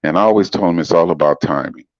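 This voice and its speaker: A middle-aged man with a very deep, smooth voice chatting casually on a livestream, laid-back and chuckling as he greets commenters by name. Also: fast, no room sound. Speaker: livestream guest reading chat comments. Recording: dull dry lo-fi stream audio.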